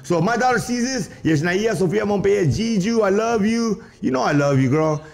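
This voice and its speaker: A middle-aged man with a fairly high voice, talking in a loose, rambling street interview. He is animated and jumps from one thought to the next, tossing in rhymes and Spanish asides. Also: brisk, gravelly. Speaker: interview guest.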